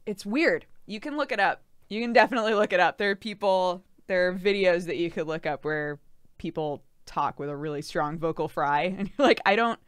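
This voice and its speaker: A woman's voice: on the low side, brisk, clear, resonant tone, no echo, clean studio sound. A woman streaming, chatting casually and reacting to chat, often laughing and saying "like". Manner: giggly, animated, says "like" a lot.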